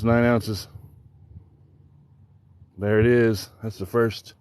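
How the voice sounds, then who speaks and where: A man's voice: lowish voice, darkish tone. A man chatting casually with viewers on a live stream, joking, a little out of breath. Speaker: fishing streamer. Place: outdoors by the water. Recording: outdoor noise in the background.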